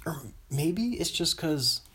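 Speaking slowly in a fairly high, bright voice, this Pacific Northwest podcast host sounds animated and forceful, with a slightly rough edge. He rambles across topics in a casual monologue and keeps chuckling to himself.

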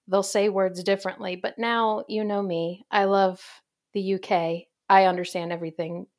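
A woman hosting a casual podcast chat, chatty and upbeat, quick to laugh. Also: medium pitch, little pitch movement, darkish tone. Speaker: podcast host.

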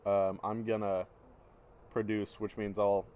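A man's voice: lowish voice, little pitch movement, warm tone, clean tone. A young man co-hosting a podcast, chatting casually with lots of fillers, often talking while he eats. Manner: talks while eating, with many fillers and pauses. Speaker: podcast co-host. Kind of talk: casual chat.

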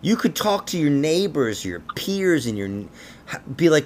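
A man's voice: on the high side, very animated, a little slow, darkish tone, a little hiss or hum. A man hosting a casual conspiracy podcast, rambling and laughing, with frequent swearing. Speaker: podcast host.

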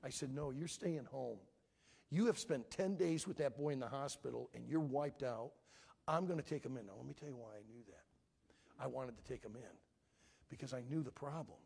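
Gravelly middle-aged preacher telling a story. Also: male voice, moderate pace, darkish tone. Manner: emotional, dramatic storytelling with big pitch swings. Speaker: pastor. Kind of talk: sermon storytelling. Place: church.

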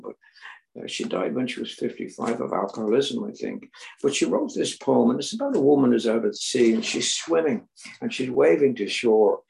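An older Northern Irish man giving personal testimony at a recovery meeting, telling his story earnestly and dropping from loud emphasis to near-whispers. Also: medium pitch, creaky, poor audio. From Northern Ireland.

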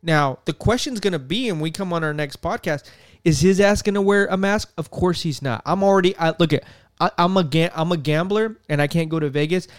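A man's voice: fairly high pitch, fairly quick, no echo, clean studio sound. A man hosting a podcast, ranting about politics in a heated, profane, repetitive way. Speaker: podcast host.

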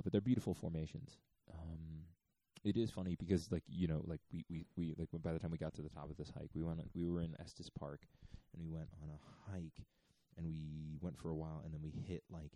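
Low, very dark, dry male voice, hushed and rambling; swears a lot, chuckles often, drifts from topic to topic. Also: steady tone, normal speed, dry recording. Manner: hushed, half-whispering; profane, digressive, chuckling. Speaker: podcast host. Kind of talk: rambling comic monologue. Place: renovated church getaway, indoors.

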